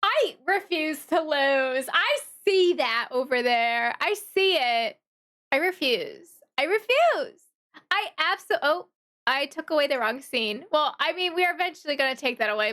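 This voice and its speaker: A woman streamer with a very high, bright voice who talks slowly and at length to her chat. She swings from low grumbling mutters to exasperated shrieks at the game, then drifts back into quiet self-talk while fiddling with settings. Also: lively intonation.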